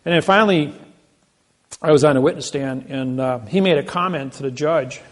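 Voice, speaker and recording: A man's voice: a little high, moderate pace. A man telling stories to an audience in a boastful, emphatic way, often repeating and restarting his words. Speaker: speaker answering an audience. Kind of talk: boastful storytelling talk.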